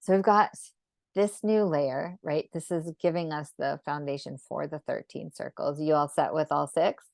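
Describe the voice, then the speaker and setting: A woman leading a live online geometry drawing lesson, speaking gently and unhurriedly and often checking in with "right?". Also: low-pitched, fairly even intonation, moderate pace, creaky, no echo. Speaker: sacred geometry teacher.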